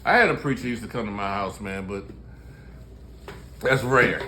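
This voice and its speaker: A man in his sixties from Baltimore talks in casual chat. He tells his stories candidly and jokes and laughs often. His voice is bright and forward, with a faint hiss of noise behind it. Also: on the low side, moderate pace. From Baltimore, USA. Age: 60s. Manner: laughing, storytelling, candid and joking. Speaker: musician and show host.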